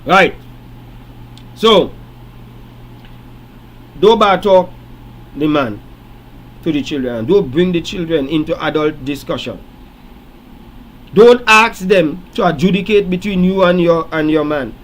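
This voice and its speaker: A man's voice: on the high side, lively intonation, slow, long pauses, slight background noise, poor audio. Preachy man hosting late-night radio. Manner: preachy storytelling, rising to emphatic lecturing. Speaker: radio show host.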